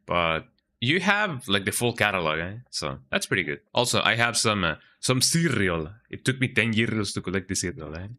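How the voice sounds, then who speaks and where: A man's voice: on the low side, very animated, normal speed, pushed and bright. A young man streaming a game, chatting casually in a rambling way and tagging "eh?" onto lines. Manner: rambling, says "eh" often. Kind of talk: casual chat while gaming.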